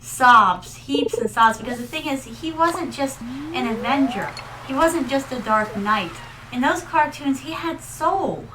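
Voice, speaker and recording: A woman's voice: sits high, a little slow, hardly any pauses, background noise. A woman Vtuber streamer chatting casually and rambling through stories while playing, calling her viewers her darlings. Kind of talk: casual gaming livestream chat.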